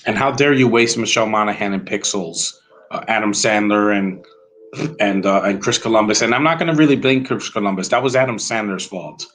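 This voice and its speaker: A man's voice: lowish voice, fairly quick, a bit bright, poor audio. A man giving a rambling, blunt, opinionated live commentary while watching a movie at home.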